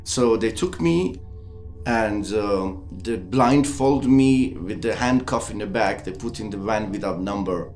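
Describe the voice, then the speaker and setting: A man from Iran, giving a documentary interview in halting English full of restarts. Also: on the low side, darkish tone, reverberant, faint music behind. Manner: halting non-native English with frequent restarts. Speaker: interviewee artist.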